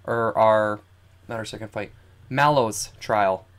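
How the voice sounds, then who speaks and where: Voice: mid-range voice, slow pace. Chatty, giggly young streamer. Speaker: let's play streamer. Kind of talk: casual game commentary.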